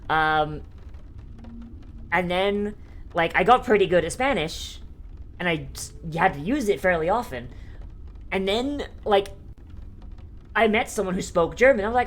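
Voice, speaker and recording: Low-voiced woman streamer rambling. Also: expressive, moderate pace, pauses often. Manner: rambling and profane, with many fillers and frequent laughter. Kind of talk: casual live-stream chat.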